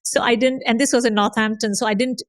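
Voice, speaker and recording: A woman's voice: fairly high pitch, steady tone, quick pace, no room sound, clean studio sound. A woman from Indonesia, a podcast guest, telling her life story in earnest conversation and repeating phrases for emphasis.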